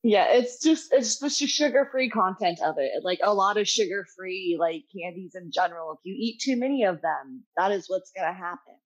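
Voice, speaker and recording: A woman pastry chef as a podcast guest, relaxed and chatty in casual conversation, laughing easily. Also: mid-range voice, normal speed, few pauses, poor audio. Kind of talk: casual chat.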